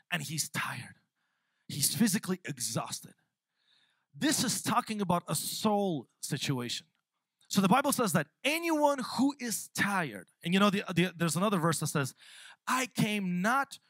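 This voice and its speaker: Young man, pastor preaching, slightly high voice, dry close mic, energetic, repeats words. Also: breathy edge, no room sound. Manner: lively, repeats words, laughs at own jokes. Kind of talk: sermon. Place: church sanctuary. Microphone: handheld or stand mic.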